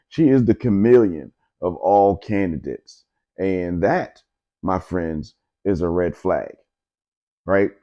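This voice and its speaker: Male podcast host, very low voice, emphatic and repetitive delivery, slightly muffled lo-fi sound. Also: warm tone. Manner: emphatic, repetitive, conversational with frequent filler asides. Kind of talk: opinionated solo podcast commentary.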